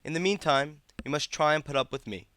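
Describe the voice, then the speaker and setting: A man's voice: fairly high pitch, brisk, pushed and bright, no echo, voice pushed up. A man voicing a self-possessed fifteen-year-old girl in a storybook reading, speaking in a composed, politely precise way. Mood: poised.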